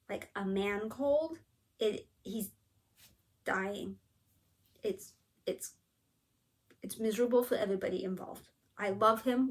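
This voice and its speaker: A middle-aged woman chatting casually to camera, telling a long story in a lively way and acting out the people in it. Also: mid-range voice, gravelly. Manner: chatty, animated storytelling with quoted asides. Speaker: cross-stitch vlogger.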